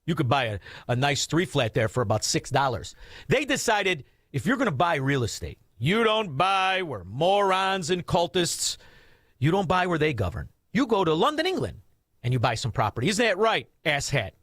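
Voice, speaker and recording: Sarcastic male radio host, rants and mutters, animated delivery, dry booth sound. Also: normal speed, dry recording. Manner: insulting, sarcastic, swings from low mutters to loud outbursts. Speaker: radio talk show host. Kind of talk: mocking commentary over news clips.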